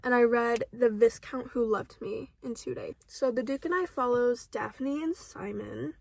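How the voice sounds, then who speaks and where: A young woman talking casually to her phone camera at home about books she read, dramatic, swinging from mumbled asides to excited shouts. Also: on the high side, measured pace, gravelly, no echo. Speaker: book vlogger. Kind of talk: casual book review chat.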